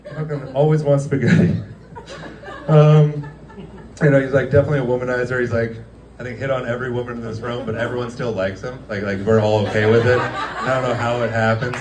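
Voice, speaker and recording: A man's voice: medium pitch, flat delivery, brisk, a little mellow, a little hiss or hum. Man doing a loose, foul-mouthed roast in a restaurant room with a roomy echo. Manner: rambling, crude, laughs at his own jokes. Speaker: comedian roasting former coworkers. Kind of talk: stand-up roast.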